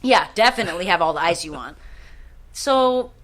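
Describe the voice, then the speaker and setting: A woman co-hosting a podcast, telling a rambling story in casual chat, swearing freely and breaking into excited bursts. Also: fairly low pitch, normal speed. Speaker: podcast co-host.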